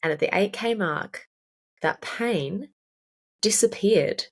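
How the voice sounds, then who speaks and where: A woman's voice: medium pitch, takes it slowly, breathy edge. A woman in her thirties, a fitness coach and podcast guest, candidly and emphatically telling a personal story, swearing freely. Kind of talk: casual chat, personal storytelling.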